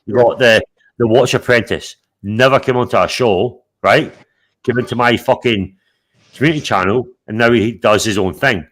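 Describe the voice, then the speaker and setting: A man hosting a casual live stream, blunt and animated, swearing constantly while telling stories. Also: mid-range voice, normal speed. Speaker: show host.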